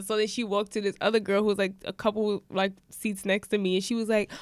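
A young woman co-hosting a casual podcast, telling an animated story and acting out the people in it. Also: medium pitch, fairly quick, few pauses, dry recording. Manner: animated, imitates people in her stories, swears casually. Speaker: podcast co-host.

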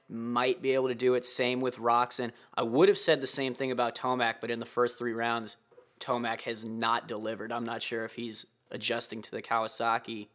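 A man's voice: medium pitch, fairly bright tone. A man hosting a casual motocross podcast, talking on his own in a crude, joking way with plenty of swearing. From United States. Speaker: podcast host. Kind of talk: casual solo podcast commentary.

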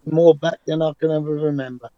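A man's voice: on the high side, steady tone, a little fast, muffled recording. Confident man in his sixties. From England. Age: 60s. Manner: confident, emphatic, rambling with restarts. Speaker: interview guest, London cab driver. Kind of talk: remote interview, conversational storytelling.

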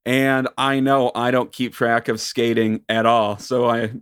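An American man co-hosting a casual chat, with wry, deadpan jokes. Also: mid-range voice, measured pace, smooth, dry recording, clean studio sound. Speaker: podcast co-host.

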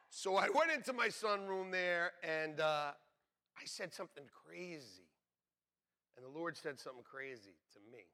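In a church sanctuary, a middle-aged pastor with a voice on the high side preaches at a moderate pace. His sermon is joking and animated, full of funny stories with laughs along the way.

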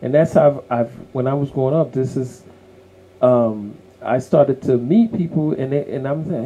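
A man's voice: mid-range voice, moderate pace, dark tone, dull audio, slight background noise. A man co-hosting a casual podcast conversation, speaking in an earnest, motivational way and repeating words as he works toward his point. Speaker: co-host.

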